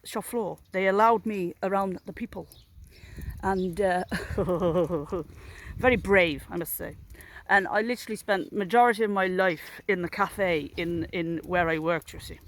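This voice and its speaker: A woman's voice: mid-range voice, slight background noise. A woman in her thirties chatting casually into her phone while walking outdoors, telling a story in a rambling, jokey, self-mocking way. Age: 30s. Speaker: vlogger walking her dogs. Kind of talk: casual chat to a phone camera. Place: outdoors, walking in a public area. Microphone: handheld phone.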